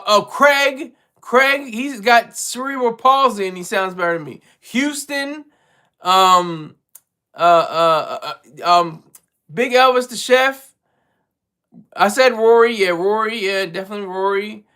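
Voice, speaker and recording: A man with a high, bright voice talks casually on a home livestream. He rambles and restarts his sentences often. He keeps putting himself down. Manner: rambling, self-deprecating, many restarts. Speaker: livestream co-host and regular caller.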